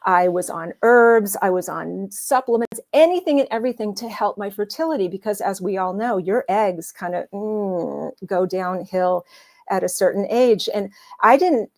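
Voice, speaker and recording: A woman, older than her forties, telling a candid personal story in a conversational way, with many pauses and fillers. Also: mid-range voice. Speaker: guest storyteller.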